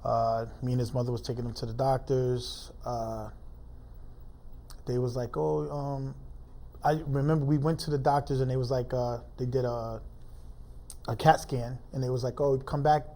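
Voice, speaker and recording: A man as an interview guest, telling a painful personal story in halting, informal speech full of fillers. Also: mid-range voice, flat delivery, dark tone.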